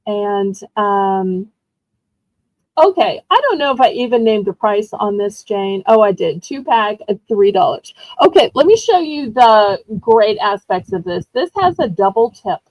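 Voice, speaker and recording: A woman's voice: a little high, expressive, a little slow, no room sound, low-quality recording. A woman hosts a live online auction in a rambling, chatty storytelling way, laughing often. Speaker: live-stream auction host. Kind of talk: casual live-stream selling chat.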